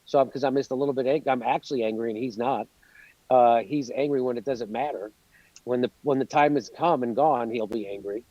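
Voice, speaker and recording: A man's voice: mid-range voice, fairly quick, dark tone, no echo, highs cut off. A man in an interview, ranting in a sarcastic, profane, worked-up way. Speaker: guest comedian. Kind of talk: animated interview rant.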